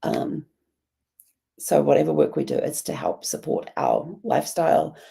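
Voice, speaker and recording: Hoarse, raspy New Zealand woman. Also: sits low, wildly swooping pitch, moderate pace, mellow. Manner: rambling, many ums and restarts. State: hoarse from a bad cough. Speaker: journalling vlogger. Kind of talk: casual reflective monologue.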